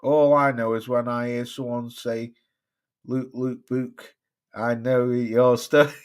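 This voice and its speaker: A man's voice: mid-range voice, steady tone, measured pace, clear, resonant tone. A man with a mixed Cheshire and Staffordshire accent hosting a boxing livestream, chatting casually with viewers, rambling and swearing often. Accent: mixed Cheshire and Staffordshire English. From Cheshire, England. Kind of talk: casual live-stream chat reading viewer comments.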